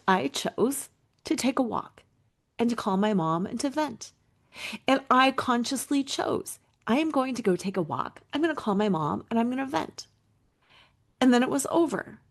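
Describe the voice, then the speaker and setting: Middle-aged female coach-host, earnest and emphatic, fairly high voice, repeats her points. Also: vocal fry. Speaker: podcast host and betrayal recovery coach. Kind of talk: solo podcast monologue.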